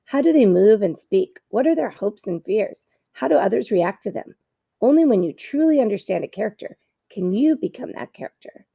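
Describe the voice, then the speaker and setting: A woman's voice: medium pitch, lively intonation, moderate pace, creaky, dark tone, slightly rough, no echo, lo-fi sound. Woman playing a gushing theatrical opossum. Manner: dramatic, gushing. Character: theatrical chatty female opossum, a born ham.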